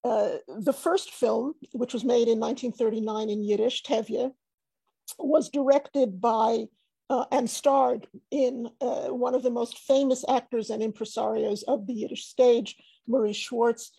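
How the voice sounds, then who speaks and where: A woman's voice: on the high side, steady tone, measured pace, creaky, warm tone, breathy edge, no echo. A woman giving an academic panel talk over a video call, hesitant with many fillers and restarts.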